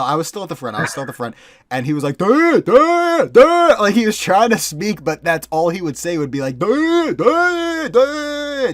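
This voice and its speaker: A man's voice: mid-range voice, no room sound, clean studio sound. Rambling, profane young man telling a story. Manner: profane, rambling, full of fillers. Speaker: podcast co-host. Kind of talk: casual storytelling chat.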